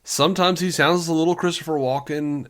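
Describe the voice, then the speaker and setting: A man's voice: a little high, fairly quick. A man co-hosting a podcast, chatting about a film in a playful, mocking way and laughing often. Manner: animated, laughs a lot, mocks delivery. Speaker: podcast co-host. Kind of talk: casual film review chat.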